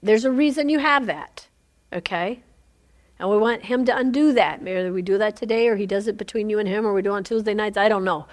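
A woman's voice: mid-range voice, a little fast. A woman teaching a women's Bible study in an informal sermon, chatty, laughing often and asking "Amen?" of her listeners.

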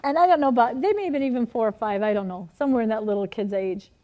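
A middle-aged woman preaching a sermon, telling animated personal stories with frequent laughter. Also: on the high side, quick pace, highs cut off.

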